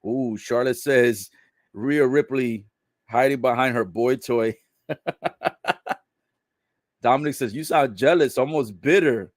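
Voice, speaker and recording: A man giving a casual live recap of a wrestling show, relaying what is said in the ring and reacting with laughs and loud exclamations. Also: mid-range voice, takes it slowly, long pauses, no room sound, studio quality. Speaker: live wrestling watch-along commentator.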